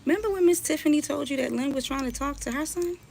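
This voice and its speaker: A woman blogger delivers a scolding, confrontational rant on a live stream. Her voice sits a little high with a gravelly fry running through it. Faint noise sits behind her. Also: fast, a little mellow. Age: adult, mother.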